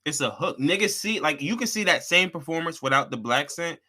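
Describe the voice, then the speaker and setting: A young man co-hosting a podcast, talking in a casual, slangy and animated way, often slipping into mimicked voices. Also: on the high side, brisk. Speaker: podcast co-host. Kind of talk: casual chat.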